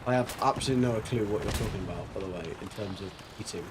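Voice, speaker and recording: A man's voice: mid-range voice, animated, fast talker, a little hiss or hum. A man streaming a video game, chatting casually and rambling with jokes and silly sound effects. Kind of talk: casual gameplay commentary.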